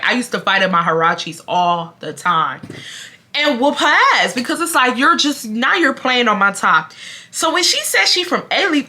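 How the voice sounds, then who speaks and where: Woman, 20s, animated swooping pitch, bright voice, dramatic, profane, storytime vlog. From Houston, Texas. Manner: animated, dramatic, profane, talks straight to viewers. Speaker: storytime vlogger. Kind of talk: casual storytelling.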